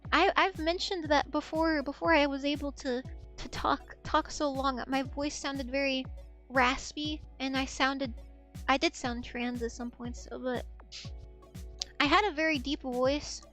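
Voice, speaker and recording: A woman's voice: high voice, steady tone, measured pace, fairly bright tone, faint music behind. A young woman streamer chatting candidly in a loose, rambling way that often trails off. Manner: rambling, candid, trailing off into repeated "I don't know". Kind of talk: casual stream chat.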